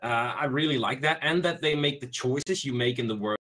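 A man co-hosting a casual gaming podcast, excitable and laughing often as he chats. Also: mid-range voice, fairly quick. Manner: excitable, laughs often, jokes in pirate talk. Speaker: podcast co-host.

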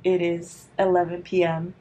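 A woman's voice: lowish voice, completely flat delivery, normal speed, dark tone, muffled recording. A young woman in her twenties from the United States, chatting casually in a reading vlog with giddy, dramatic reactions and lots of laughter. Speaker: book vlogger.

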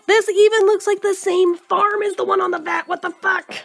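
A woman riffing on a game as she plays, sarcastic and profane, with a high voice. She mocks the game freely and laughs a lot. Faint game music plays behind her. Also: steady tone, moderate pace, gravelly, few pauses. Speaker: gaming video host. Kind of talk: let's play commentary.

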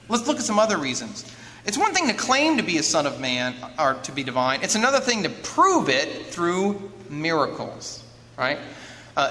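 A man giving a lively lecture, often turning to his listeners with quick questions to check that they follow. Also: on the high side. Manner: keeps checking in with listeners through rhetorical questions. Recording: long hall reverb with faint background noise.

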